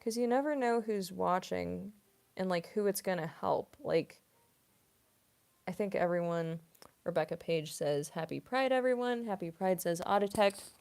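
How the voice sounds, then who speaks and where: A woman's voice: fairly low pitch, unhurried, gravelly, darkish tone. A woman voice actress chatting casually on a livestream, reading viewer comments and rambling with lots of filler words. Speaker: voice actress and streamer.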